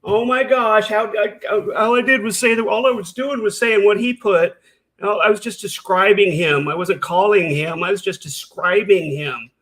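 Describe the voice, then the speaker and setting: A man's voice: sits high, normal speed, a bit bright. A man mocking a woman, doing a whiny, self-pitying voice in a sing-song way. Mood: mocking whine.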